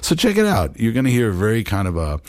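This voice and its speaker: A man's voice: fairly low pitch, huge pitch swings, fast, no room sound, clean studio sound. A man hosting a jazz radio show, musing in a loose, rambling way with plenty of fillers as he talks about records.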